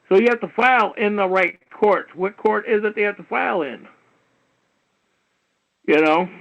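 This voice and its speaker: Man, high-pitched, talk show host, heated lecturing, rambling, swears, muffled lo-fi radio sound. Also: creaky. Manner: repetitive, peppered with "you know", swearing. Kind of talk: rambling call-in radio monologue. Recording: dull lo-fi internet radio stream.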